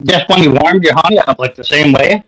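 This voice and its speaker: A man's voice: fairly high pitch, brisk, a bit bright, poor audio. A man chatting casually on a livestream, laid-back, explaining things plainly and joking. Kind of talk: casual chat.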